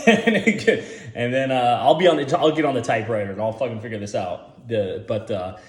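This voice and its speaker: A man's voice: medium pitch, animated, moderate pace, roomy sound. A man giving rambling, profane casual commentary, full of filler words, as the host.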